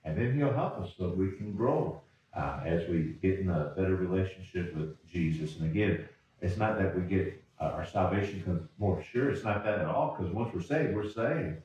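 His deep, darkish voice is animated and moves at normal speed, recorded from a distance with the highs cut off. The pastor preaches folksily in a church sanctuary, repeating and restarting words and chuckling, and the off-mic sound is roomy.

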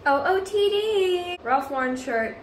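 Bubbly high-voiced teenage girl vlogging. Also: lively intonation, a little slow. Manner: bubbly, chatty, gushing. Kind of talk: casual vlog. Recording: noisy background.

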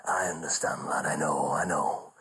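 A man impersonating a gruff older male comedy star who speaks in a low, hushed whisper and deadpans his lines. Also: moderate pace, full character voice. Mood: hushed reassuring. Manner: dry, deadpan, calls people "lad".

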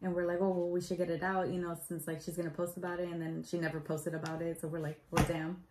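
A woman's voice: fairly low pitch, quick pace, heavy background noise. A young woman telling her proposal story in a casual vlog, chatty and full of "like" fillers. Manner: chatty, lots of "like" fillers, animated retelling.

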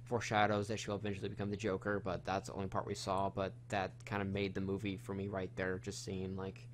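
A man's voice: low voice, completely flat delivery, fast, a little hiss or hum. A man hosting a casual film review chat, retelling the plot in a rambling, profane way with lots of fillers.

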